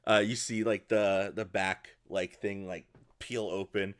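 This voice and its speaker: A man narrating as game master, with a fairly low voice. His descriptions ramble loosely, with lots of "like" and restarts. The sound is dry and close to the mic. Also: little pitch movement, measured pace, dry recording. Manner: rambling, many fillers and restarts.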